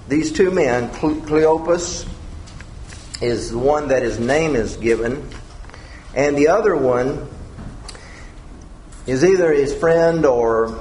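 Brief: male Bible teacher, conversational and animated, somewhat high voice. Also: slight background noise. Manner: conversational, with lively retelling. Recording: echoey room.

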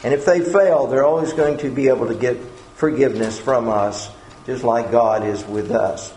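A man with a slightly mellow, mid-range voice preaches a sermon at a moderate pace. He's earnest and often repeats words while searching for phrasing, in an echoey room with faint background noise.

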